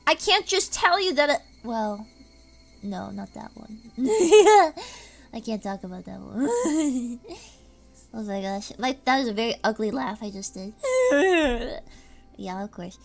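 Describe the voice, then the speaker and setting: A woman's voice: on the high side, sing-song, unhurried, vocal fry, faint music behind. A woman streaming casually from home, rambling in an erratic way and breaking into screams and laughs. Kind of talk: casual live-stream chat.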